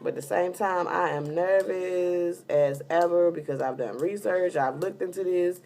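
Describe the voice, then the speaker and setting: A woman's voice: fairly low pitch, normal speed, warm tone. A heavily pregnant woman telling a rambling, casual story in a vlog, full of fillers. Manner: chatty, rambling with many fillers. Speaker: vlogger giving a pregnancy update.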